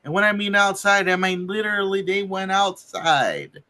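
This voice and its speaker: A man on a podcast recapping match results in a slow, halting way, with many ums. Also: high-pitched, expressive, sharp tone. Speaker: podcast co-host reading results. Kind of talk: casual recap of wrestling results.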